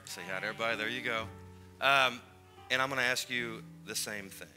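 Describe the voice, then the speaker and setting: A man's voice: medium pitch, steady tone, a little fast, music in the background. A man preaching as pastor to a congregation. He is fervent and urgent, and he repeats his phrases as he urges people forward. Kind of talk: sermon with altar call. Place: church sanctuary before a congregation.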